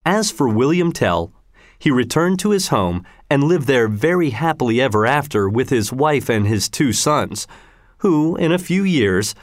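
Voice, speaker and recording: A man narrating a children's history story in a measured, expressive reading. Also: mid-range voice, no room sound, studio quality.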